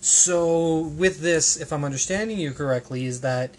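A man's voice: on the high side, normal speed, a little hiss or hum. A man hosting a casual podcast, rambling and hesitant, with plenty of restarts and ums. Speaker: podcast host.

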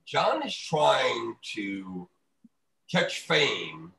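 A man's voice: medium pitch, huge pitch swings, extremely slow, creaky, a loud crowd. A man ranting profanely in a casual podcast chat. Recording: roomy echo.

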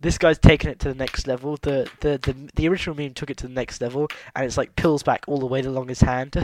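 A man's voice: medium pitch, steady tone, fast, a little mellow, a little hiss or hum. A man hosting a podcast in casual chat over a voice call. He laughs often and restarts his sentences. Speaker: podcast host.

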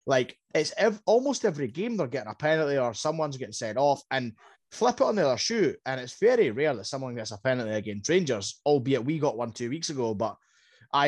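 A Scottish man on a podcast, chatting about football in an animated, rambling way. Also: mid-range voice, no room sound. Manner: animated, rambling, repeats words. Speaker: podcast co-host. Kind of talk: casual football chat.

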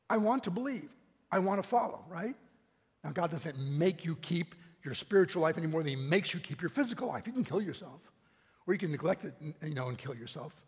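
Male pastor, sermon, fairly high voice, husky, long hall reverb. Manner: conversational, with many restarts and little laughs. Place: church hall. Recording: long echo of a big hall.

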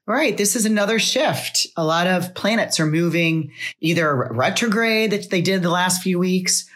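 Astrologer co-host, woman, very low voice, chatty and sincere. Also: lively intonation, moderate pace, a bit bright. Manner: chatty and heartfelt, explains astrology. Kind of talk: casual podcast chat.

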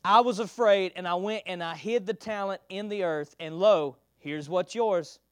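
High-voiced man preaching a sermon. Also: normal speed, smooth, dry recording, studio quality. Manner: reads scripture aloud then expounds, calls for congregation responses; swings from loud declaiming to soft murmured asides.

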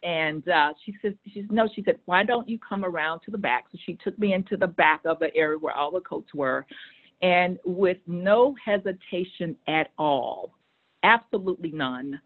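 A woman's voice: on the low side, measured pace. Storytelling woman on a tinny line. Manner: animated, acts out quoted voices. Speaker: guest telling a story. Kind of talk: conversational storytelling.

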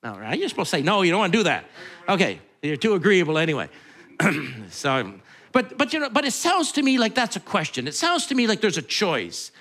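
A man's voice: sits high, wildly swooping pitch, brisk, fairly bright tone. A male pastor, preaching in a conversational, rambling way full of asides and restarts. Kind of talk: sermon.

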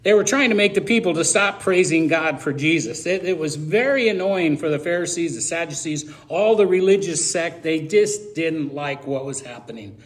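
A man's voice: a little high, lively intonation, moderate pace, few pauses. A middle-aged man preaching a sermon in a conversational, emotional way, with self-deprecating asides.

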